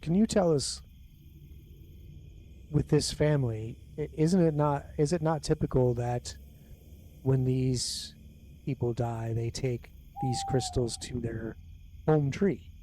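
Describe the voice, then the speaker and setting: A man playing a character in a tabletop game, questioning in a measured way. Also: medium pitch, mellow, a little hiss or hum. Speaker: player.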